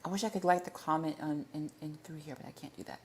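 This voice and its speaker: A woman with a slightly low voice chats through a livestream Q&A. She rambles, stumbles over her words and corrects herself as she goes. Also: quick pace, a little hiss or hum. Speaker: livestream host. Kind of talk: casual livestream Q&A chat.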